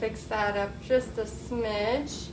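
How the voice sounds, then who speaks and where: An upbeat woman with a high, bright voice chats her way through a live painting lesson. She sounds a little roomy, with an echo off the walls and a faint hiss of noise underneath. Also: fairly even intonation, takes it slowly. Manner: upbeat, chatty, talks to viewers as "y'all". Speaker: painting tutorial host. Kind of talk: live painting tutorial, chatty. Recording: echoey room, faint background noise.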